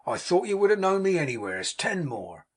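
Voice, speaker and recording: Brief: a man playing a jolly, husky-voiced young manservant, broad country speech, storybook. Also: high voice, sing-song, normal speed, voice pushed up. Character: cheerful, hearty young manservant back from abroad.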